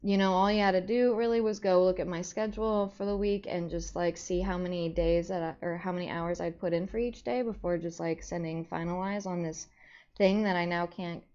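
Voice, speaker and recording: A woman's voice: a little mellow, smooth. Rambling young woman streamer, lo-fi audio. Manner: rambling, many "like" fillers; bursts into high squeaky greetings to chat. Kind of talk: casual live-stream chat. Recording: slightly dull lo-fi stream audio.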